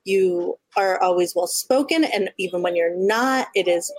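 A woman's voice: mid-range voice, measured pace, no echo. Laughing, effusive woman podcaster. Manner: effusive, laughs often, swears casually. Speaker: podcast co-host. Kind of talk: casual chat.

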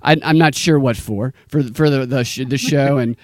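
A man's voice: mid-range voice, moderate pace, no room sound, clean studio sound. A man hosting a casual podcast chat, enthusiastic and jokey.

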